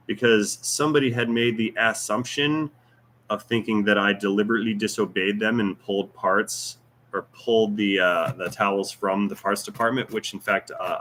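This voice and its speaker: A man's voice: on the low side, pushed and bright, slight background noise. A man with a Floridian Southern accent, a mechanic hosting a casual Q&A and chatting in a rambling, joking way. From American South. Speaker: mechanic and channel host. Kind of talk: casual livestream Q&A chat.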